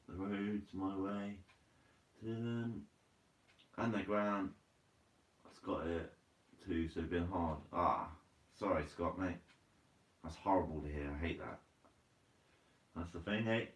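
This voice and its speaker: A man's voice: low-pitched, distant mic. A man hosting a fishing channel live stream, reading viewer comments aloud in a casual, chatty way and calling people mate. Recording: roomy, from away from the mic.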